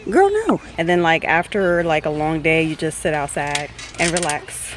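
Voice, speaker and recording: A woman vlogger talking casually to camera in a chatty, relaxed way with plenty of "like" fillers. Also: sits low, moderate pace, noisy background. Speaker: lifestyle vlogger. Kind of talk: casual vlog chat.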